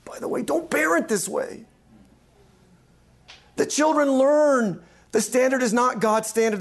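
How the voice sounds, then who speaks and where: A man, a pastor and counseling instructor, giving an emphatic teaching lecture and often checking in with "right?". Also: sits high. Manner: emphatic, repeats key points, asks "right?".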